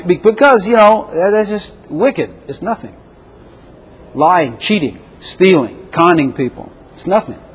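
A man preaching a lively sermon with a slightly high, husky voice. He acts out quick back-and-forth exchanges and jumps up in pitch for the other voices. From Chicago. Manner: animated, acts out little dialogues in raised voice.

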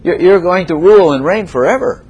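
A man voicing God as a patient, fatherly figure, calm and firm, inside a sermon. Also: high voice, a little fast, breathy edge, lo-fi sound, pitched above the performer's own voice, exaggerated voice.

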